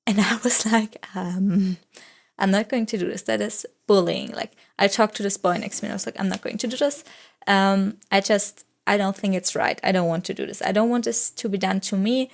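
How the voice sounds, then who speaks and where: A woman's voice: mid-range voice, steady tone, fairly quick, creaky. A young woman, a non-native English speaker, chatting casually in a rambling voice-over, full of "like" fillers as she tells stories. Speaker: vlogger.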